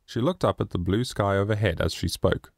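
A man narrating a moral children's story in a measured, expressive reading. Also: lowish voice, gravelly, dry recording, clean studio sound. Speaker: audiobook narrator.

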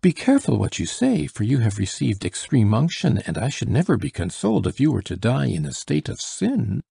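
A man's voice: sits low, lively intonation, a little slow, creaky, dark tone, husky, full character voice. A male reader voicing an anguished young nobleman who pleads with his dying father in a raised, urgent voice. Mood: pleading.

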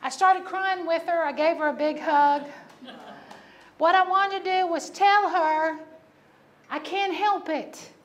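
High-voiced woman pastor preaching. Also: fairly even intonation, slow. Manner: storytelling, laughing at herself, emphatic repetition. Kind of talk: sermon.

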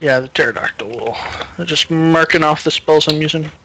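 A man's voice: on the high side, moderate pace, background noise. A man playing a tabletop game, joking and laughing often in casual table chat. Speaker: player.

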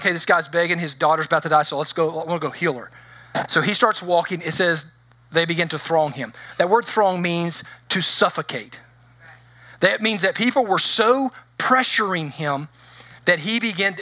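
A middle-aged man preaching a sermon as pastor, telling stories in an animated way and acting out the voices of the people in them. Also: sits high, brisk, dry recording. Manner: animated storytelling with acted-out voices.

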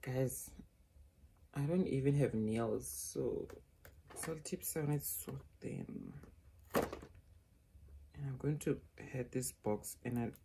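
Young south african woman vlogging an unboxing, low voice, slow easy chat, faint hiss behind. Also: creaky. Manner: chatty, addresses viewers as guys and darlings. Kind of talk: casual vlog unboxing. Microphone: phone camera.

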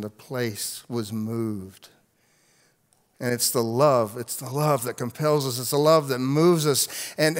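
A middle-aged man preaching a sermon, telling a story from his own life and moving between loud, emphatic peaks and hushed, quiet asides. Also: mid-range voice. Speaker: pastor. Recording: long hall reverb.

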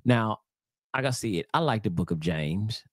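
Brief: man, low pitch, dry close sound, casual profane street-style preacher who drawls his scripture readings. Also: lively intonation, no echo. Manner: blunt and profane, slangy, drawls scripture slowly. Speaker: Torah teacher.

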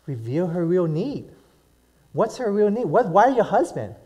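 A man from Hawaii with a notably high-pitched voice delivers a sermon. He talks in an easy, conversational style, keeps asking his listeners questions, and leans on "right?" to hold them with him. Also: very animated, unhurried, dark tone, dull audio. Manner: conversational preaching, asks the audience questions. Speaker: pastor.

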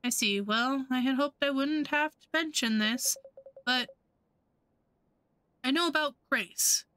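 A woman voicing a cocky young male thief in a game, hushed and brusque. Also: high-pitched, slow pace, smooth, full character voice. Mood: scheming.

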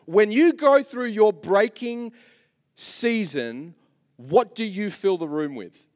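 An Australian pastor delivers a sermon in a large church hall. His voice sits a little high and moves expressively, dipping into quiet asides before climbing to emphatic repeated lines. A long hall reverb trails behind every phrase. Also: slow. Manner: animated preaching, swinging from soft to loud with repetitions.

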